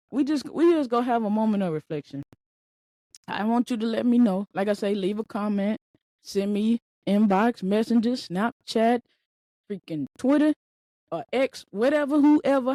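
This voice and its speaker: A woman hosting a podcast in a casual, slangy monologue, talking in an animated way and laughing often. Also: a little high, no room sound. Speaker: podcast host.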